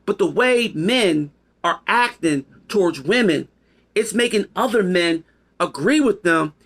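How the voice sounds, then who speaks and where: A man's voice: high voice, lively intonation, a little slow, a bit bright, husky. A man delivering a rambling, profane opinion monologue to camera, emphatic and casual. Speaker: video commentator.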